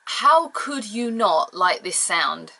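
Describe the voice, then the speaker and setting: A woman's voice: mid-range voice, expressive, slow, gravelly, pushed and bright. A woman reviewing an old wrestling event in a casual, rambling way, gushing as a fan and apologizing for her tangents.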